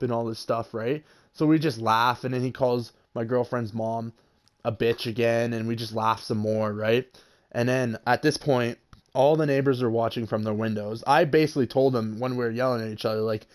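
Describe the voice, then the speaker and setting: A man's voice: medium pitch, fairly even intonation, normal speed. A young man casually telling a story about a confrontation, swearing freely and raising his voice when he quotes people. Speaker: vlogger.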